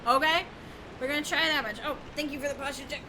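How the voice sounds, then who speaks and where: A woman's voice: sits high, fairly even intonation, fast, background noise. A young woman streaming a video game, chatting casually, laughing often, swearing freely and joking about herself. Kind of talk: casual gameplay commentary.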